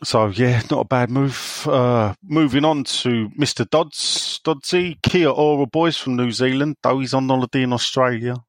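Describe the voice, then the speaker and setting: A man's voice: mid-range voice, normal speed, few pauses, dry recording. Jokey man co-hosting a chat podcast. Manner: jokey, banters and reads messages aloud. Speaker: podcast co-host reading listener questions. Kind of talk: casual chat.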